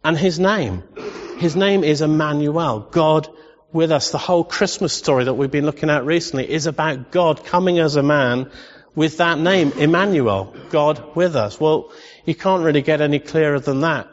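A man preaching with passion, his somewhat high voice ringing out in a long hall reverb. The sound is dull and lo-fi, as from a church recording. He builds to loud exclamations, then drops to quiet, tender asides. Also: moderate pace. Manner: impassioned, rising to loud exclamations. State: emotional. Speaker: pastor. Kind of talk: sermon.

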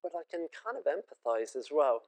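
A man's voice: a little high, big pitch swings, fairly quick, darkish tone, low-quality recording. A British man preaching a sermon in an earnest, conversational and emotive way.

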